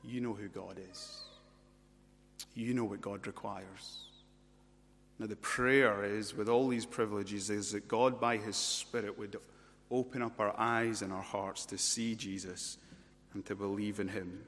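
A man's voice: lowish voice, fairly even intonation, unhurried, a bit bright, soft background music. A man preaching an expository sermon, leaning on rhetorical questions and emphatic repetition. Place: church. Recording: reverberant church hall.

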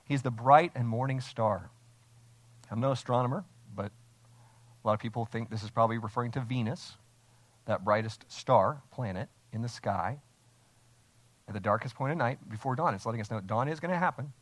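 A male pastor preaches to his church, leaning on emphatic phrasing and rhetorical questions. His voice sits at an ordinary middle pitch. The sound is close and dry, with no room echo. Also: moderate pace. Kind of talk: expository sermon. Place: church, streamed online.

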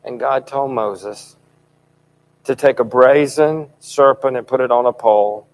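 A middle-aged man delivers a fervent sermon at an unhurried, deliberate pace. He presses each point emphatically, letting his voice swell loud on key lines. His pitch sits in an ordinary middle range for a man. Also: low-quality recording. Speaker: preacher.

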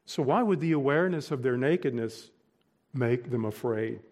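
A man preaching a sermon, deliberate and emphatic, pausing between short phrases. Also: medium pitch, lively intonation, darkish tone. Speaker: pastor.

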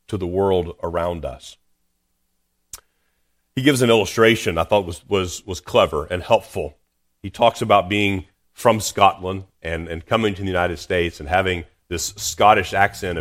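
A man preaching a sermon as a pastor, earnest, often restarting and repeating words as he reads and explains scripture. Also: low-pitched.

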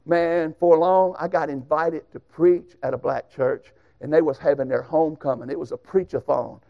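A man preaches in a folksy, emphatic storytelling manner. His voice sits high for a man. The recording is a little dull and muffled. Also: moderate pace, gravelly. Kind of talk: sermon with personal stories.

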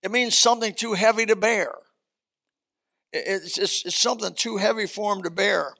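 Gravelly, bright-voiced male preacher. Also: high voice, normal speed. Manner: animated preaching, folksy asides, swings from shouting to quiet. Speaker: pastor. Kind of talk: sermon.

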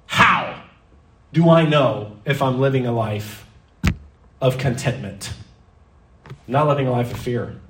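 A man preaching a sermon in a church hall, lively and theatrical, sometimes slipping into mock-panicked voices. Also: medium pitch, takes it slowly, long pauses, recorded from a distance, noisy background. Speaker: pastor.

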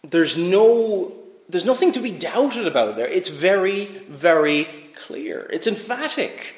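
A man's voice: sits high, big pitch swings, slow pace, reverberant. A man preaching a sermon, asking rhetorical questions and reading scripture aloud with emphasis.

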